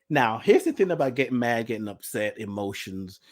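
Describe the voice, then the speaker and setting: A guest host and life coach from Nigeria, telling a personal story to an online group and acting out the quoted lines with big jumps in pitch and loudness. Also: brisk. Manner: animated, acts out quoted lines with big swings in pitch and loudness, laughs often.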